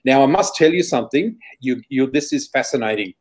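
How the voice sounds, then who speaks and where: A middle-aged man with an Australian accent speaks as an interview guest, sitting at a typical middle pitch for a man. He tells his stories in an animated, rambling way, restarting sentences as he goes. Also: fairly quick, low-quality recording. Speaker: guest psychic. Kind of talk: storytelling in an interview.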